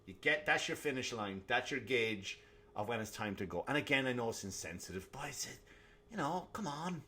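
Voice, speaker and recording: A man hosting a comedy podcast, ranting alone in a profane, animated way. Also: medium pitch, fairly quick, slightly rough. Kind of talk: solo comedic rant.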